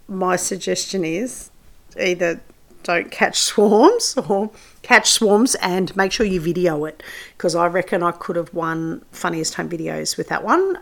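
A low-pitched Australian woman with a gravelly edge, rambling through a homestead story in a casual podcast monologue. She talks warmly, laughs easily and shifts tone with each turn of the story. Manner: chatty and good-humoured, laughs through her stories. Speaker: podcast host.

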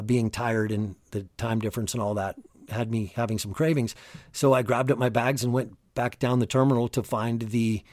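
A man's voice: medium pitch, no echo, clean studio sound. Emphatic male motivational podcast host. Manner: energetic, emphatic, casual coaching tone. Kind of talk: solo motivational podcast talk.

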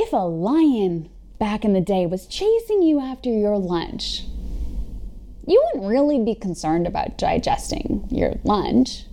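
A woman's voice: medium pitch, warm tone. A young adult woman health coach explaining a topic on her solo podcast in a casual, upbeat way, talking straight to her listeners and swearing now and then. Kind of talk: solo podcast teaching talk.

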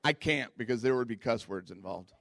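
A man preaching a sermon as pastor, telling stories in a candid, self-mocking way and jumping into high squeaky voices when quoting people. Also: a little fast, gravelly. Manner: animated storytelling, jumps into high squeaky voices for quotes.

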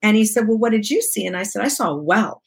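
A woman in her sixties, appearing as an interview guest, tells a personal story expressively and conversationally, acting out dialogue and laughing often. Her mid-range voice moves at a quick pace, with vocal fry and a slightly rough quality.

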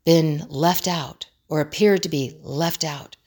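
Teaching crisis communication skills, a woman speaks earnestly and motivationally, circling back to her key phrases repeatedly to stress them. Her voice is slightly low, darkish and slightly rough, and she takes her time.

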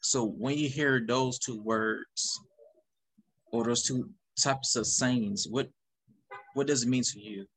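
A man's voice: mid-range voice, slow, a bit bright, low-quality recording. A man hosting a podcast, asking questions in a casual, enthused way with chuckling asides. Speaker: podcast host. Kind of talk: casual interview talk.

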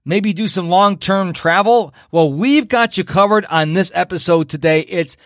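A man from upstate New York hosting a podcast, talking in a high-energy, jokey, animated way. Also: normal speed, no room sound, clean studio sound. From Rochester, New York. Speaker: podcast host. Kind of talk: casual interview chat.

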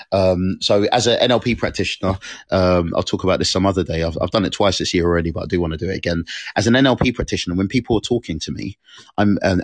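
A man hosting a live audio room, talking casually and rambling, full of fillers and quick impressions. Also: low-pitched, no echo, studio quality. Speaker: host of a live audio room, NLP practitioner.

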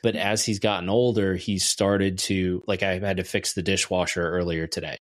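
A man in his thirties speaks in a deep voice and talks thoughtfully at length, often restarting his sentences. The sound is dry and close. It is a relaxed podcast chat. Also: moderate pace, no echo. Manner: reflective, rambling with restarts. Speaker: podcast co-host. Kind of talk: casual chat.

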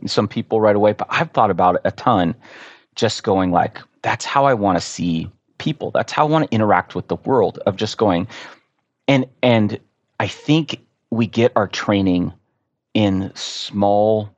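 A man telling an earnest, animated story as a podcast guest in casual conversation. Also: on the low side, dry recording.

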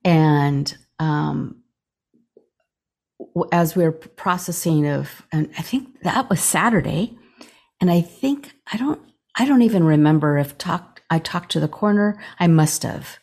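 A middle-aged woman guest speaks with a low, mellow voice that has a gravelly edge. She tells a personal story haltingly, full of fillers and restarts, and voices the dialogue as she recalls it. Her tone is husky rather than crisp. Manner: halting retelling, many fillers and restarts, acts out quoted dialogue. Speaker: podcast guest, chaplain.

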